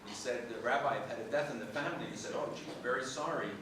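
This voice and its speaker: A man's voice: medium pitch, fast. A man at a tribute event telling a joke to an audience, playing both sides of the dialogue. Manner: lively storyteller voicing both sides of a joke. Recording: echoey hall, distant mic, background noise.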